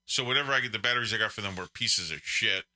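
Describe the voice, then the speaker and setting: A man's voice: on the low side, rapid-fire, bright, forceful tone. A man in his forties, co-hosting a live stream and trading jokes and teasing banter. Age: 40s. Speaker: podcast co-host. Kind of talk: casual live-stream chat.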